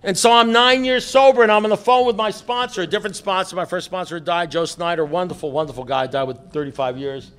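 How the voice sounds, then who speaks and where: A man's voice: high-pitched, fast, hardly any pauses, fairly bright tone. Blunt, joking middle-aged man telling stories. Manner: joking, blunt and profane, with many restarts. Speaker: speaker at a recovery meeting. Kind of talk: storytelling talk to a meeting.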